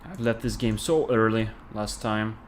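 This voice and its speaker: A man with a Russian accent, a game developer thinking aloud with many pauses and fillers as he plays on a casual livestream. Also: fairly low pitch, a little hiss or hum. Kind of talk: casual livestream gameplay commentary.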